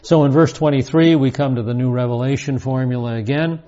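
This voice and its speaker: A man teaches through scripture verse by verse, measured and explanatory, with a warm, mellow tone. He reads each passage aloud, then restates it plainly. The recording is a little dull and lo-fi. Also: medium pitch. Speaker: Bible teacher.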